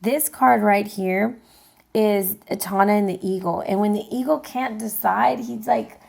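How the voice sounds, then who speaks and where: A woman's voice: mid-range voice, measured pace, creaky, darkish tone. A woman giving a casual tarot reading, chatting straight to her viewers with loose fillers. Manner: chatty, addresses viewers directly, frequent fillers and laughs. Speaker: tarot reader.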